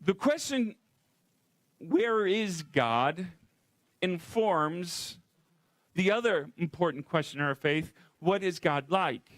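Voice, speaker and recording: Guy pastor preaching in church, chatty, keeps asking questions, highish voice. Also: lively intonation, slow, dry recording. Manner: conversational, asks repeated rhetorical questions. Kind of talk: sermon.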